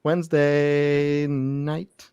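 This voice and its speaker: A man's voice: a little high, level tone, drawn-out words, warm tone, clear, resonant tone, no echo, muffled recording. A man co-hosting a casual live stream, easygoing as he reads out viewer comments. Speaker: co-host.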